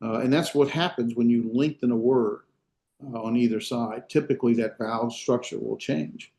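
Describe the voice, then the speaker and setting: Male instructor, mellow tone, relaxed lecture delivery full of fillers and restarts. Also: mid-range voice. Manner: unhurried, many fillers and restarts, explains step by step. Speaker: Hebrew instructor. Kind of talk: classroom lecture. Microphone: video call.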